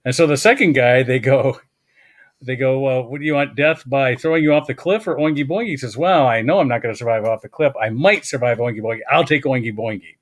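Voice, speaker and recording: Male comedy host, mid-pitched voice, casual joke-telling, laughs easily. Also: quick pace, no room sound. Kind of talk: casual comedy podcast chat.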